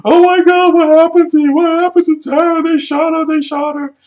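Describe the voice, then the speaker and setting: A man putting on the voice of a panicked woman shrieking over a friend who has been shot, in a shrill falsetto. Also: level tone, fairly quick, darkish tone, far from the mic. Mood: frantic.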